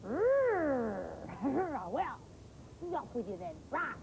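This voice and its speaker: A woman plays a scary, ugly troll in a children's TV story, growling and roaring as she waits for her dinner. The voice swoops widely and sits high. A noisy studio hums behind her. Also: wildly swooping pitch, very slow, exaggerated voice. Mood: growling, hungry. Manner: growls and roars between lines.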